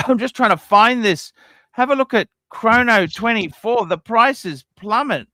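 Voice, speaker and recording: Man, high voice, bright tone, dry sound, exasperated livestream chat, swearing. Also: normal speed, no room sound. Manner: animated, exasperated, swears freely. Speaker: livestream host. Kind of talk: casual chat.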